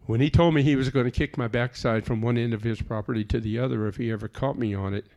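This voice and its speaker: A man's voice: mid-range voice, steady tone, quick pace, a little mellow, lo-fi sound. A man telling a personal testimony in an earnest, plainspoken storytelling way. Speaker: speaker giving a personal testimony.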